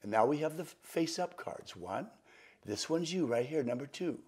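An older man, a magician, telling stories and walking through a card trick, lively and repeating words. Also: fairly high pitch, moderate pace, breathy edge. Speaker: magician, interview guest. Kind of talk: storytelling and card demonstration.

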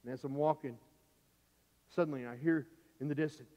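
A middle-aged male pastor preaching a sermon through a vivid personal story, swinging from loud, urgent lines to hushed ones. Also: mid-range voice, fairly even intonation, a little fast, long pauses. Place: church sanctuary. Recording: dull, echoey church recording.

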